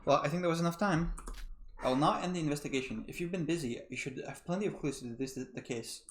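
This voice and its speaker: A man's voice: a little high, fast talker, slight background noise, voice pushed up, lightly acted. A man voicing a smug, mocking headmaster who runs the trials, in a taunting tone as he reads game dialogue aloud.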